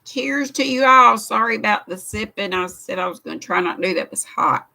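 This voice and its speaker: Animated and fairly quick, her medium-pitched voice creaky, pushed and bright, an older woman with a Southern US accent runs a casual livestream from a craft room. She reads viewer comments aloud and greets people by name in a folksy, chatty manner.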